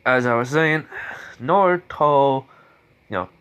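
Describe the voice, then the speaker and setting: A man's voice: mid-range voice, takes it slowly, fairly bright tone, smooth. A man improvising a spoken fan story in a rambling, casual way, full of restarts and chuckles.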